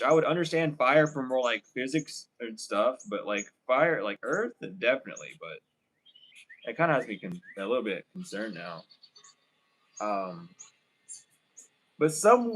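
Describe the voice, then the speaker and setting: A man's voice: mid-range voice, a bit bright, poor audio. A man doing a casual tarot reading for viewers, ranting and swearing as he talks straight to them. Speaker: tarot reader.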